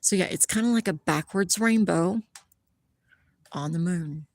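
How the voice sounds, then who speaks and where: A woman hosting a live stream of a lunar eclipse, explaining the view and gushing with awe, often dropping to a hushed whisper. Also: lowish voice, measured pace, no room sound. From Columbus, Ohio area. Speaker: livestream host showing a telescope view. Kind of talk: live-streamed stargazing commentary.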